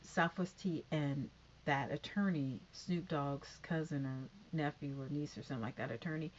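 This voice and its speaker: A woman's voice: sits low, normal speed, highs cut off, slight background noise. Rambling woman recapping a TV episode. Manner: rambling, many fillers and tangents.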